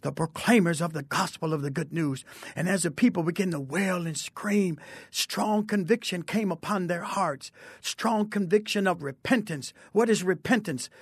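High-voiced, fervent man preaching. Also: normal speed, slightly rough, dry recording, clean studio sound. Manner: fervent, scripture-quoting preacher. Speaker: guest preacher. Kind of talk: preaching testimony.

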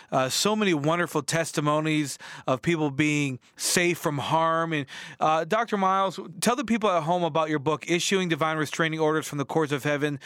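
A man's voice: fairly high pitch, fairly bright tone, clear, resonant tone, no echo, studio quality. A man hosting a religious TV interview, affirming the guest and prompting questions. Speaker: TV host.

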